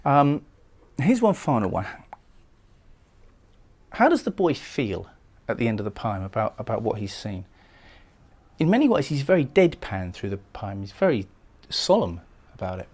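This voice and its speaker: A man lecturing on a poem, explaining it thoughtfully and sometimes pausing to restart a phrase. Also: mid-range voice, very animated, a little mellow. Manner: reads verse lines slowly and solemnly. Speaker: poetry lecturer. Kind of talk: recorded lecture analysing a poem.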